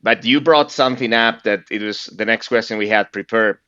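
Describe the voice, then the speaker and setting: Low bright-voiced male host, hesitant. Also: fairly quick, dry recording. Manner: hesitant, many "uh" fillers. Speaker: podcast host. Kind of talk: interview questions. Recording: dry, slightly dull sound.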